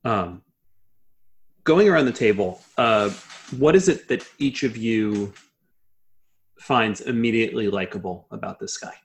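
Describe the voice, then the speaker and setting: A man as game master, narrating a tabletop game in a relaxed, conversational way. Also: lowish voice, measured pace, pauses often.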